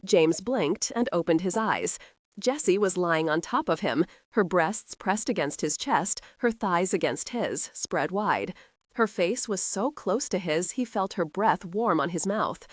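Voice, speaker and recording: Woman narrator, lively pitch, dry close sound, steady audiobook reading. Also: measured pace, no echo. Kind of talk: scripted narration.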